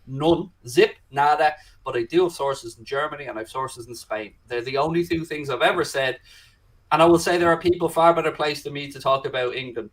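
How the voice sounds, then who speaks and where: Man, football podcast co-host, emphatic, fairly high pitch. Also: a bit bright, low-quality recording. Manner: confident, emphatic, talks in long runs. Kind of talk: casual chat.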